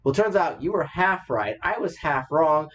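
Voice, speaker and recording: Guy on a podcast telling a story, slightly high voice, opinionated, swears casually. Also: lively intonation, normal speed, fairly bright tone. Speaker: podcast co-host. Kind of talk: casual chat.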